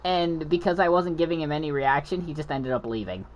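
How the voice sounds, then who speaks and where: A man's voice: fairly high pitch, a little fast, slight background noise. A man who stutters and mumbles, chatting casually as a gaming channel host. He rambles, keeps restarting his sentences and doubles back when he loses his thread. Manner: rambling, frequent restarts and backtracking. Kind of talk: casual storytelling chat.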